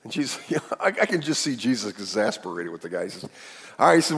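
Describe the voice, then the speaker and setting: A man's voice: a little high, big pitch swings, quick pace, gravelly, husky. A man preaching a sermon to a congregation, acting out the people in the story as he tells it. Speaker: pastor. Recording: long hall reverb.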